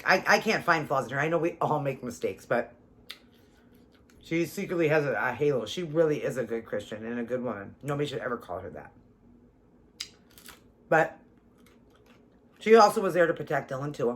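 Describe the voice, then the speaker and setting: A woman vlogger telling a personal story to her viewers in a casual, animated and emphatic way. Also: extremely low pitch, normal speed, pauses often.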